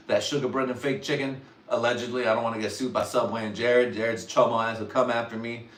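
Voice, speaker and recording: Profane low-voiced man riffing in a roomy space. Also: flat delivery, brisk, hardly any pauses, fairly bright tone. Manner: profane, rambling, often laughing at his own jokes. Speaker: livestream comedian. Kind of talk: crude stand-up riffing on a livestream. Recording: roomy sound, distant from the mic, faint ambience.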